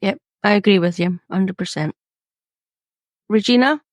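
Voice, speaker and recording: A woman's voice: mid-range voice, unhurried, no echo, studio quality. A woman moderating a podcasters' roundtable discussion in an encouraging way.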